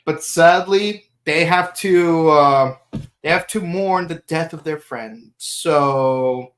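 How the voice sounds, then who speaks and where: A man's voice: a little high, takes it slowly, a bit bright. A man hosting a podcast in casual chat, rambling, laughing often and slipping into silly voices. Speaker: podcast host.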